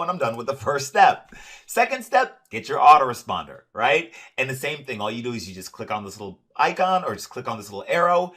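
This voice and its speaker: A man walking the viewer through software on a screen share, in an upbeat sales-pitch manner with frequent "uh" and "right?" fillers. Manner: stresses ease, direct to the viewer. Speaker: presenter demonstrating software. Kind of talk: screen-share product walkthrough.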